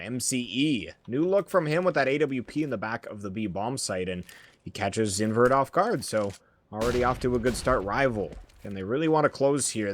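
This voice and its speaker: A man giving measured play-by-play commentary on a competitive match, with a wry edge. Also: lowish voice, slight background noise. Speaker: esports caster.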